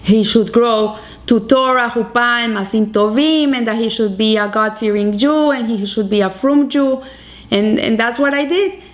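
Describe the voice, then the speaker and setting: A woman giving voice to a gentle, devout male rabbi with earnest, patient replies, while retelling a story in a sermon. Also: on the high side, moderate pace, lightly acted.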